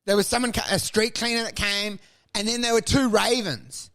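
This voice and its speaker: A man co-hosting a comedy podcast who rants through absurd stories in a sweary, animated way. His voice sits high, with a gravelly fry and a bright edge. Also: normal speed. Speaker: podcast co-host. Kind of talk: absurd comic storytelling.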